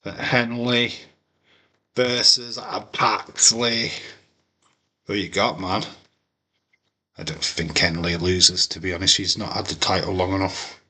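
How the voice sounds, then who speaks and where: A man giving chatty live reaction commentary on a wrestling show, with sudden bursts of excitement. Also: deep voice, takes it slowly, long pauses, breathy edge. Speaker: wrestling watch-along streamer.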